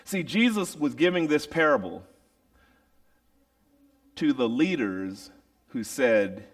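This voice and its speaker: A male preacher tells a story in a slow, theatrical sermon. His lively voice rises and falls widely, and he punctuates the story with sound effects. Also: mid-range voice, far from the mic.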